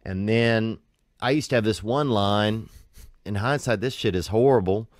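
A man telling stories on a podcast in a calm, deadpan way, with hesitant restarts and fillers. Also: on the low side, normal speed, dry recording, clean studio sound. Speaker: comedian guest. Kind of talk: podcast clip, relaxed storytelling.

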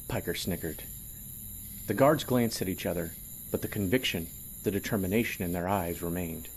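A man narrating an audio drama in a measured, storytelling delivery. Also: low-pitched, slightly rough. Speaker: narrator and producer.

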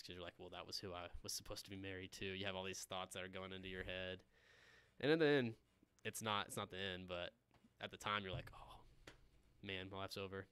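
A man's voice: low-pitched, a bit bright, smooth. A man co-hosting a podcast, telling stories casually and agreeing often, with frequent chuckles.

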